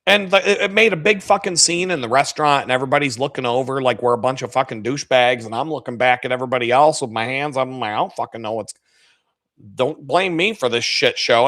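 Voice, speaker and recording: A man hosting a live stream, telling crude workplace stories in casual speech full of swearing. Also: fairly high pitch. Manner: crude, swearing, animated storytelling with laughs. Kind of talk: profane casual storytelling.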